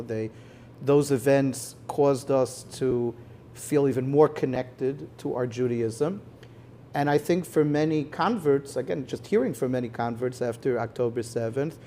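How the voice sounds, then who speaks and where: A man, a rabbi and guest, explaining his views in a measured way to an audience in a synagogue, often saying "you know". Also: mid-range voice, warm tone, slight background noise. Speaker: rabbi, head of a conversion court, guest. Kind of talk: live conversation before an audience.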